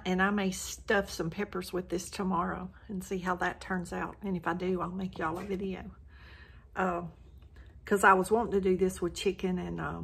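An older woman with a Southern country accent cooks in her home kitchen and chats casually to the camera, saying "y'all" often. Her voice is lowish and gravelly yet fairly bright, with slight background noise behind it.

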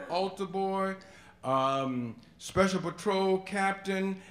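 Slow, bright-voiced man telling a story on stage. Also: sits high. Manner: animated, swinging from hushed to loud exclamations. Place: museum auditorium before a live audience. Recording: echoey hall.

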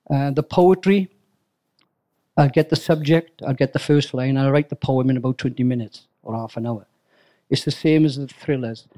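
A man's voice: mid-range voice, dark tone. An older man giving a chatty, anecdotal talk to a club audience, full of fillers and repeated words. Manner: chatty storyteller, acts out dialogue, fillers and repeats. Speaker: guest speaker, crime novelist.

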